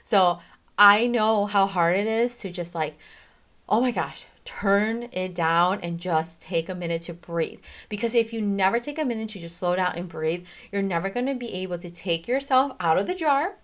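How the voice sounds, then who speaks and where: Woman, podcast host, casual motivational talk, emphatic, chatty, animated delivery, mid-pitched voice. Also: moderate pace. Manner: emphatic, chatty, frequent "okay?" and "freaking"; animated, swings in pace and loudness, laughs often. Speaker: self-help podcast host.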